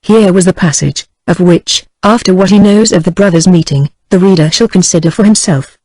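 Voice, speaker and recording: A text-to-speech woman's voice with an American accent reading a classic novel aloud in an even synthetic cadence. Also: fairly low pitch, brisk, no echo, low-quality recording. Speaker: audiobook narrator.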